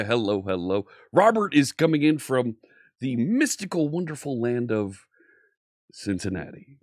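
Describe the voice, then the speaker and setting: Upbeat male streamer, lowish voice, dry close mic, chatty teacher greeting viewers. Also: no room sound. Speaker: live stream coding teacher. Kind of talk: casual live-stream chat.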